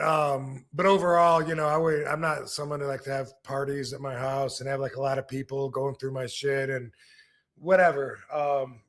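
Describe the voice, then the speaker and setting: A man's voice: on the high side, a bit bright. A middle-aged man from Michigan, hosting a podcast and telling rambling stories in casual chat, full of fillers and restarts. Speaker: podcast host, wrestler.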